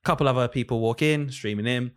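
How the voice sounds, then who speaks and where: A British man, a primary school teacher co-hosting a podcast, telling anecdotes in relaxed, teasing chat. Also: medium pitch, fast, clear, resonant tone. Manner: easygoing, teasing banter, narrates anecdotes calmly. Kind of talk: casual chat.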